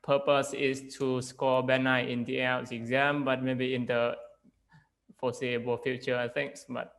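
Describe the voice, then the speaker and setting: A man's voice: mid-range voice, level tone, moderate pace, vocal fry, fairly bright tone, rough recording. A young man from Laos with a Lao accent, an English teacher talking casually and hesitantly, with many fillers and restarts. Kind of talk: casual interview chat.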